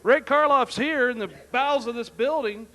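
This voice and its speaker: Announcer guy, high and bright, brisk wrestling-show patter.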